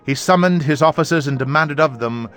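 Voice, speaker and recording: Man reading scripture over soft music. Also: on the high side. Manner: measured, even reading voice. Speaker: Bible reader. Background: faint background music.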